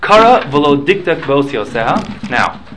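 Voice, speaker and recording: A man's voice: on the high side, very animated, a little slow, a bit bright, a little hiss or hum, low-quality recording. A man leading a casual study class, explaining points patiently, mixing in Hebrew and Aramaic study terms and checking in with listeners. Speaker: Talmud class teacher.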